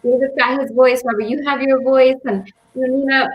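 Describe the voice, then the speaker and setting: A woman's voice: high-pitched, fairly even intonation, brisk, roomy sound, lo-fi sound. A woman on a video call, speaking in a rambling, heartfelt way with many fillers. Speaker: campaign supporter. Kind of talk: casual video call chat.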